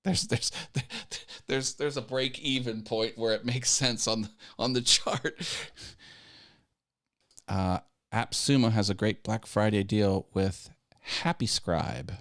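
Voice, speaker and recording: On his casual live stream, a YouTube host with a low, slightly bright voice talks slowly. He tends to ramble, breaks off and restarts his sentences, and laughs at his own jokes.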